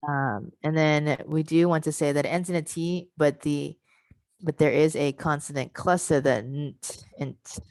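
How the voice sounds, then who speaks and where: A woman presenting an online teacher workshop on pronunciation, explaining patiently and sounding out word parts slowly over a video call. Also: low voice, fairly even intonation, darkish tone, dry recording.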